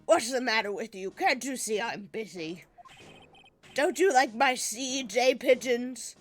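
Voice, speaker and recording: A woman's voice: on the high side, unhurried, soft background music, lightly acted. A woman voicing a grouchy old man who scolds and grumbles, in a game dialogue read aloud. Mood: grumbling. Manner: cranky, scolding and gruff.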